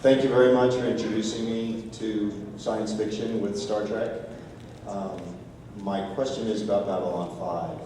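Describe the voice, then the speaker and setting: Male fan, low flat voice, polite and halting, distant echoey hall, clear noise. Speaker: fan asking a question.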